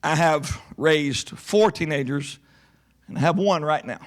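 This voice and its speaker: Animated high-voiced pastor. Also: male voice. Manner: animated, slows to stress points. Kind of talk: sermon.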